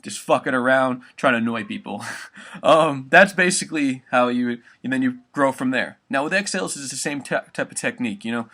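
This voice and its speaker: A young man explains a vocal technique in a loose, rambling way, dropping swear words as he goes. His voice is bright and forward, sitting at an ordinary pitch for a man. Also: a little fast. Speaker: vocal tutor. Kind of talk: casual spoken tutorial.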